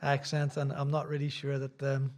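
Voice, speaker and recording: Middle-aged Irish preacher, chatty and rambling, mid-pitched male voice, church talk. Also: completely flat delivery, moderate pace, darkish tone. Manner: rambling, self-deprecating, chatty asides. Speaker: visiting preacher. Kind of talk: sermon with casual chat.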